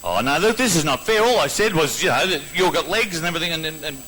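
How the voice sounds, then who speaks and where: A man's voice: fairly high pitch, lively intonation, fast talker, pushed and bright, poor audio. A man on a ballroom stage, protesting and stammering with embarrassment during live comedy banter. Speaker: guest performer.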